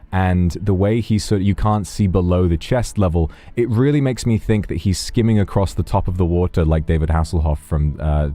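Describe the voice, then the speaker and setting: Chatting casually on his livestream, a man with a low, warm voice rambles wryly and keeps interrupting himself mid-sentence.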